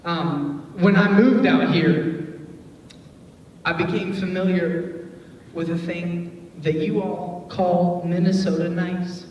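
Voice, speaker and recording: A youth pastor from Detroit giving a casual, joking sermon, chatty and full of filler words. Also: male voice, high voice, fairly even intonation, slow pace, dull audio. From Detroit, USA. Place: church hall. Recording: echoey hall, voice from far off, faint noise.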